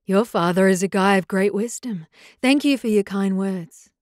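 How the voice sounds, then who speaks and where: A woman's voice: medium pitch, moderate pace, no echo, studio quality, natural voice. A woman voicing a stern, curt young male werewolf alpha in an audiobook. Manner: curt, disapproving. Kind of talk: audiobook character voice.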